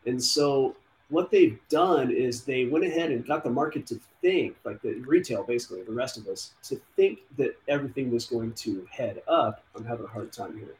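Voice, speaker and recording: A man's voice: medium pitch, expressive, normal speed, darkish tone. A man hosting a casual talk show about markets, rambling and thinking aloud while he walks through charts. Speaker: host. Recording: roomy with faint background noise.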